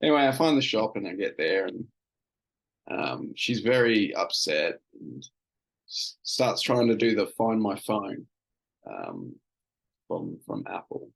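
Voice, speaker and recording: A man's voice: fairly low pitch, vocal fry, slightly rough, low-quality recording. A man hosting a casual solo podcast, telling an everyday story in a rambling, self-amused way with plenty of fillers and restarts. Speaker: podcast host.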